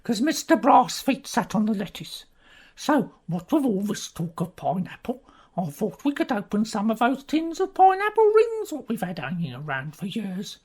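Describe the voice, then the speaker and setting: A woman voicing a fussy, flustered housekeeper with a husky voice in a comedy audio play. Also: medium pitch, big pitch swings, moderate pace, darkish tone.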